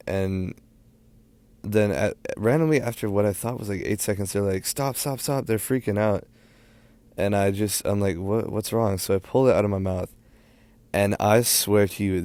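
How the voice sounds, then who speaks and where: A teenage guy with a very low, gravelly voice tells a story in a loose, rambling way. He speeds up in quick bursts and leans on fillers. The sound is close and dry. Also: warm tone, no echo. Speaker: storytime vlogger. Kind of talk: casual storytelling.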